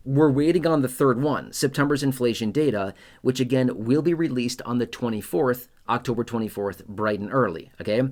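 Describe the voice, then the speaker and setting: A man's voice: mid-range voice, a little mellow. A man hosting an online explainer about retirement benefits, speaking straight to his viewers in an emphatic, repetitive way and often checking in with "okay?". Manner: speaks straight to viewers, addressing their comments. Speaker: YouTube host on retirement benefits. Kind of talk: direct-to-camera explainer talk.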